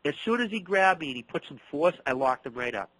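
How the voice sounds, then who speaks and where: A man's voice: on the high side, fast talker, no echo, low-quality recording. A middle-aged man from the Boston area, a martial arts instructor, telling stories in an interview and acting out the dialogue. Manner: animated storyteller, acts out dialogue, repeats words. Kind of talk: storytelling interview.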